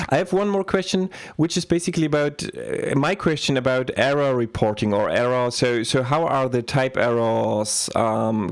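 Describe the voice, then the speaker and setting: A man's voice: medium pitch, creaky. A man hosting a live-streamed tech talk over a video call. He moderates in a chatty way and often breaks off his own sentences. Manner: chatty, self-interrupting. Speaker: host.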